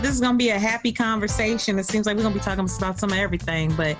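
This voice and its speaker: A woman's voice: mid-range voice, fairly even intonation, very fast. A woman co-hosting a podcast in casual chat, playfully teasing and drawing out her guest with questions. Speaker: podcast co-host. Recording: music bed underneath.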